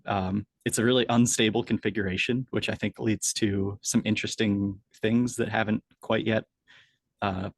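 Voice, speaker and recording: A man interviewed as an author, explaining ideas in a thoughtful, hesitant way with many pauses and fillers. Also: fairly low pitch, level tone, vocal fry. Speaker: author guest. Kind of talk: casual interview chat.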